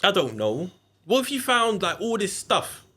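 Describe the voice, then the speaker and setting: Animated man telling a story. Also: sits high, normal speed, husky. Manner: animated, acts out quoted voices, slangy. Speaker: podcast guest. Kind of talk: casual storytelling.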